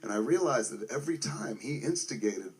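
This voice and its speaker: A man in his forties talks loosely and from the heart, peppering nearly every sentence with profanity. His voice sits at an ordinary middle pitch, and he rambles through fillers as he goes. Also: lively intonation, brisk. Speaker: filmmaker remembering a friend. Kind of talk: casual spoken tribute.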